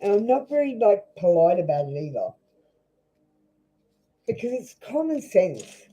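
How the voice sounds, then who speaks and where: An Australian woman does a live-streamed tarot reading, chatting with viewers bluntly, swearing freely and scolding them. Her voice is medium-pitched, mellow and husky, and the lo-fi stream sounds dull.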